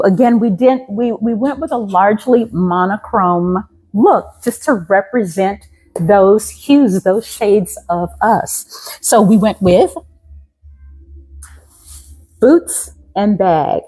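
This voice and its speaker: Woman in her fifties, fashion vlogger, casual show-and-tell, polished trained-singer diction, upbeat, medium pitch. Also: takes it slowly, poor audio. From Louisiana, raised in Colorado from seventeen. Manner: crisp trained-singer diction, warmly enthusiastic, repeats phrases.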